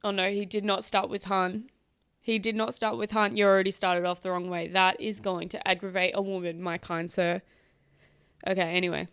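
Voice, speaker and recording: A woman's voice: mid-range voice, little pitch movement, moderate pace, fairly bright tone, clean tone, no echo, clean studio sound. A young woman hosting a podcast, reading stories aloud and breaking off into sarcastic, chatty asides. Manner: chatty, sarcastic asides, swears, laughs easily. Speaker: podcast host. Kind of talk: casual reaction chat, reading stories aloud. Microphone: close podcast mic.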